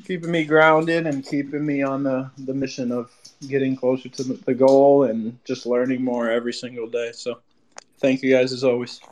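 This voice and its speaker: A tired man in a casual chat talks in a flat, even voice, stopping often with small hesitations. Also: medium pitch, normal speed.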